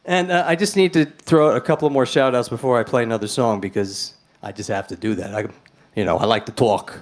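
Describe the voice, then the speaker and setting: A man's voice: medium pitch, fairly quick. A middle-aged man with a New York accent, a musician chatting friendly and rambling between songs on a live stream. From New York City. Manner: rambling, friendly, with shout-outs and chuckles.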